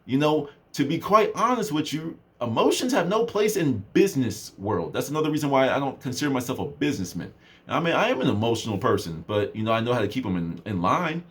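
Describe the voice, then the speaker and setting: A man's voice: medium pitch, fast talker. A young man casually telling a story to camera as a self-improvement vlogger, with lots of fillers. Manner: animated storytelling, many fillers. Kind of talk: casual talking-to-camera chat.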